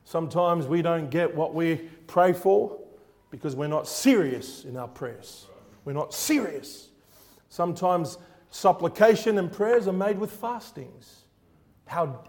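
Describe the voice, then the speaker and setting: A male preacher with a notably high-pitched voice delivers a fervent sermon. He repeats phrases for emphasis and keeps pausing to quiz his congregation on the next word of scripture. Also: darkish tone. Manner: fervent, repetitive, quizzes the congregation.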